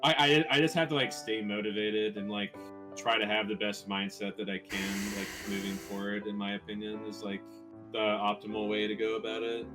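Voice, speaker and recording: A man's voice: fairly low pitch, level tone, moderate pace, over music. A man interviewed in a documentary, talking casually and laid-back about his goals.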